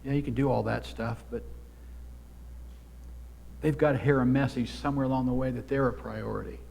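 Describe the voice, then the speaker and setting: A man's voice: mid-range voice, fairly even intonation, fairly quick, creaky, slight background noise. Earnest man preaching in a reverberant hall. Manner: earnest, exhorting, swells louder for emphasis. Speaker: pastor. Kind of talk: sermon. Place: church sanctuary.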